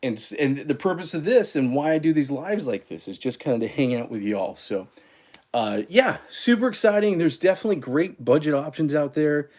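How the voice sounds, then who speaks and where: A man hosting a casual coffee livestream, chatty and quick to laugh at his own mistakes. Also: a little high, big pitch swings, a little mellow. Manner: self-deprecating, chatty, laughs at himself. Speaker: coffee channel host. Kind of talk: casual livestream chat while making espresso.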